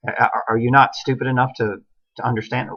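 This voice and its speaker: A middle-aged man holds forth in a heated solo rant, hammering his points with one rhetorical question after another. His voice sits at an ordinary mid pitch, and the recording is dull and lo-fi. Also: flat delivery, brisk, a bit bright. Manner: ranting, emphatic, many rhetorical questions. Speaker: online commentator. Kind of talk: impassioned solo monologue.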